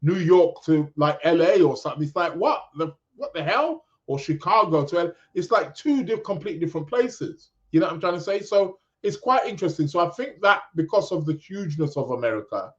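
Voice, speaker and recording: A British man hosts a podcast as a loose, rambling live chat, reading out viewer comments. His voice sits a little high. The recording sounds dull and lo-fi. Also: very animated, fairly quick, hardly any pauses. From England. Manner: rambling, many restarts, chatty. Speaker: podcast host.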